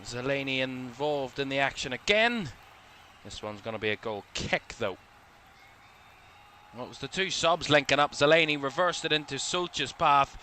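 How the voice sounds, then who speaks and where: Calling a football match live for a watchalong stream, a man sounds easygoing and a bit sleepy, with occasional yawns. His mid-range voice moves at a moderate pace as he chats, thinks out loud and corrects himself; there's a little hiss or hum.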